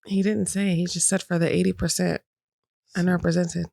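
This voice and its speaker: A woman hosting a casual podcast, with a low, gravelly voice that has a bit of fry in it. She reads news snippets and then riffs on them in chatty slang. The sound is dry and close. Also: flat delivery, moderate pace, a little mellow, no echo. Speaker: podcast co-host. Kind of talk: casual chat.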